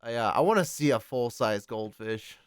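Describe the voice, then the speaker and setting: A man co-hosting a podcast, chatting casually and reading posts aloud with excited exclamations. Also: mid-range voice, normal speed, clear, resonant tone, no room sound. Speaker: podcast co-host. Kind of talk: casual chat reacting to posts.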